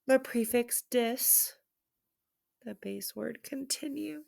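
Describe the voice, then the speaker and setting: A woman's voice: fairly high pitch, slow pace, gravelly. A woman teacher giving an online reading lesson for children, playful and theatrical, with dramatic mock sadness.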